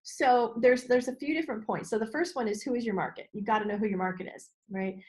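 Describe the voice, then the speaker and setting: A middle-aged woman, a business coach being interviewed, talking expressively and acting out inner voices with sudden high exclamations. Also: fast talker, darkish tone. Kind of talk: animated interview talk.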